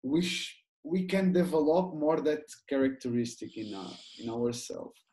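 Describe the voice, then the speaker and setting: Echoey, slightly high-voiced male interviewer. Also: lively intonation, normal speed, warm tone. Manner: thoughtful, searching for words. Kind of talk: interview questions. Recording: roomy echoey sound.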